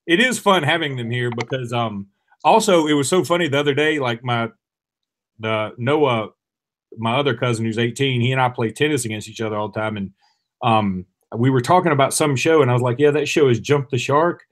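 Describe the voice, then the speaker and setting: A man in his forties from Alabama, co-hosting a talk show and chatting casually, telling stories with lively quoted voices. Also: fairly quick. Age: 40s. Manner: animated storyteller, jumps to higher voices for quoted people. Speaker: radio show co-host. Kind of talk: casual chat.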